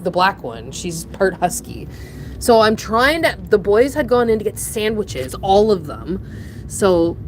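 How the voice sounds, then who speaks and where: Rambling woman telling a story. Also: slight background noise. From Ontario, Canada. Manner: rambling, animated, laughs often, breaks into emotional high pitch. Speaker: channel host. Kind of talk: casual storytelling chat.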